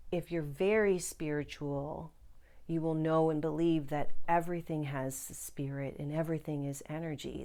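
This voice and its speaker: Low-voiced woman, chatty spiritual vlogger. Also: dark tone. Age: adult parent. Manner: chatty and earnest, with gushing asides. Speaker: psychic and spiritual-growth video host. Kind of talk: casual direct-to-camera vlog talk.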